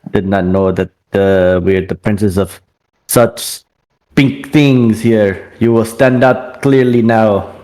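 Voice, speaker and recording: A man's voice: lowish voice, steady tone, slow pace, dark tone. A man voicing a naive, sheltered young male adventurer who asks blunt, puzzled questions.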